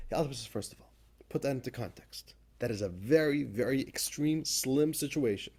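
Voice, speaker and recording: A man, a rabbi, giving an animated class on a religious text, often repeating himself and swelling into loud emphatic bursts. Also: medium pitch, a little fast, breathy edge. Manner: rises to loud emphatic bursts when quoting, laughs often; repeats words and restarts phrases while thinking. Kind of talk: animated Torah class lecture.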